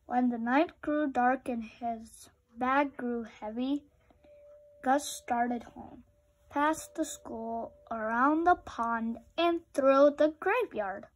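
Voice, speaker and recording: Slow breathy woman reading aloud. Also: high-pitched, rough recording. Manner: slow, expressive storytelling. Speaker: children's book reader. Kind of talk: read-aloud storytelling.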